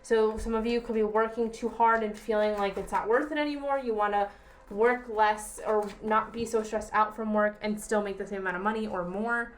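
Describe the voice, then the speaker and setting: A young woman talks through a tarot reading for her viewers. Her voice sits at an ordinary pitch, and she speaks in a relaxed, chatty way. She keeps reassuring the listener and checks in with a friendly "okay?". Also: slight background noise. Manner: chatty, reassuring, repeats herself, asks "okay?". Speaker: tarot reader. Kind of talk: casual tarot reading to camera.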